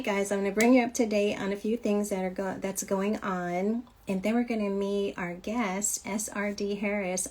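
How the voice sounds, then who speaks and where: A woman's voice: mid-range voice, a little mellow. A woman from Michigan hosting a casual livestream chat about children's books, upbeat and chatty, laughing often. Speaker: host of a children's author show.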